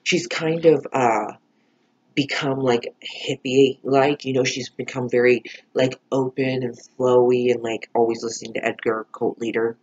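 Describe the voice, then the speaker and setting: A man's voice: medium pitch, steady tone, a little slow, husky, muffled recording. A man giving a casual, heated reaction review of a TV episode, swearing often and full of fillers.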